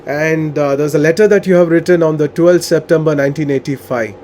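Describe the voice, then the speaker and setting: A man's voice: a little high, brisk, a little mellow, slight background noise. A man interviewing a guest, earnest and wordy, with many "you know" and "uh" fillers. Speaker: interviewer and coach. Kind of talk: conversational interview questions.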